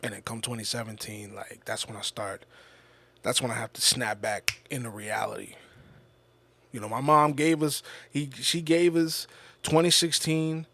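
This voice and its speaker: This man's mid-range voice has a fairly bright tone. As a podcast host, he reflects casually on a personal story, frequently halting and repeating himself, and he curses without restraint.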